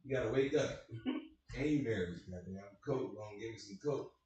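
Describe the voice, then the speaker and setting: A man's voice: on the low side, moderate pace, a little mellow, dull audio. A young man doing a loose, profane stand-up set and riffing with the crowd at a small comedy venue. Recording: very echoey room, mic far off.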